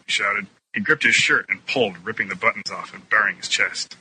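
Bright-voiced man narrating with voices. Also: fairly low pitch, level tone, fairly quick, few pauses, slight background noise, low-quality recording. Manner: playful narration with many put-on character voices. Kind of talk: reading a fan-made birthday audio story.

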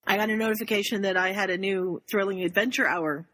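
Lively woman telling a story. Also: medium pitch, quick pace. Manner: animated storyteller, laughs often. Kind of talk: casual chat.

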